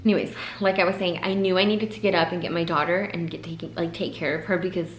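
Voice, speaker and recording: A young woman recounts a painful personal story to camera, her lowish voice halting and emotional, now and then sinking into a whisper. The room around her is echoey, with a faint hum of ambience behind. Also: steady tone. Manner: emotional, pausing, voice breaking into whispers. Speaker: vlogger.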